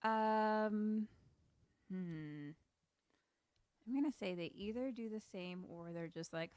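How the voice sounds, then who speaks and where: A woman co-hosting a podcast in casual chat, making quiet, deadpan asides and jokes, on a remote call. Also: medium pitch, slow, pauses often, clean tone, no room sound, studio quality. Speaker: podcast co-host. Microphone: remote call setup.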